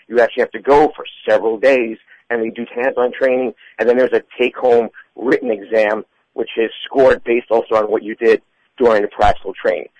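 A man, a fitness professional, answering interview questions with a voice he says is going, clearing his throat now and then. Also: mid-range voice, a little mellow, dry recording, dull audio. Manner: measured, fillers and restarts, clears throat. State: losing his voice.

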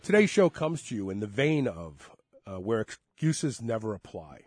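A man hosting a talk radio show, congested and sick, rambling with animated swings from quiet asides to loud emphasis. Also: mid-range voice, normal speed, loud music behind the voice. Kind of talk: casual talk radio chat.

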